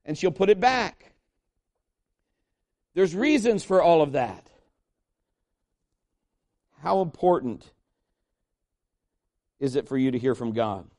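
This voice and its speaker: Emphatic preaching man, slightly high voice. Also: expressive, takes it slowly, long pauses, darkish tone. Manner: emphatic preaching with call-and-response. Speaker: pastor. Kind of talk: sermon.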